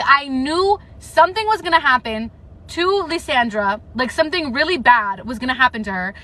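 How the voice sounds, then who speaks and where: A woman with a high, bright, forceful voice reads a novel aloud on a livestream. She keeps breaking off to react, ranting and swearing about the story and repeating herself for emphasis.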